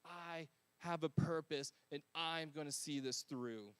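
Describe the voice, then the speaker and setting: A man voicing a determined male leader who speaks slowly and firmly. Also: on the high side, fairly bright tone, clear, resonant tone, no echo. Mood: resolute. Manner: slow, firm, determined. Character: resolute male leader rebuilding a wall.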